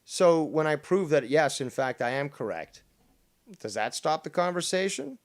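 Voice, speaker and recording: A man's voice: on the high side, lively intonation, normal speed. A man from Canada hosting a heated panel argument, smug and profane as he lectures the others. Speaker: show host.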